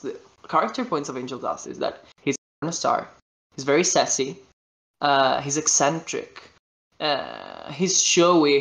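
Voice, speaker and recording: A man's voice: medium pitch, creaky, fairly bright tone. A man with an Italian accent, a voice actor guest in a podcast interview, speaking non-native English and searching for words with many restarts. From Italy. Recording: roomy echo.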